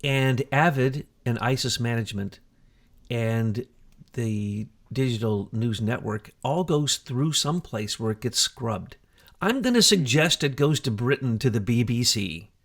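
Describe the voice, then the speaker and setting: A man co-hosting a talk show, talking in an animated, emphatic way with rhetorical questions. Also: medium pitch, measured pace. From United States. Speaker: co-host. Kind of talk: conversational talk show discussion.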